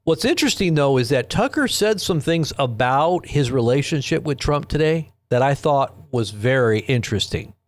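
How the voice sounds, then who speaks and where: A medium-pitched man with lively intonation speaks at normal speed, barely pausing, with no room sound, into his own desk microphone. Hosting a late-night live news stream, he rambles through stories and casually reads and chats about viewers' comments.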